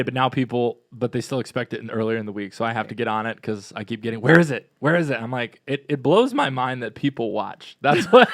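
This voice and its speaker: A man's voice: mid-range voice, a bit bright, no room sound. Upbeat male parish podcast co-host, casual chatter, dry close sound. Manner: chatty and upbeat, quick asides. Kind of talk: casual chat.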